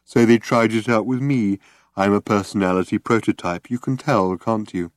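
A man voicing a gloomy, depressed male robot in a low, hopeless drone. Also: normal speed, dry recording, clean studio sound, close to an everyday voice.

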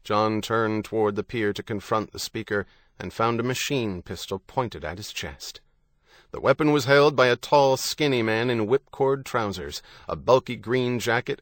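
A man narrating a thriller audiobook in a steady, measured way. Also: lowish voice, no echo. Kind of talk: scripted narration.

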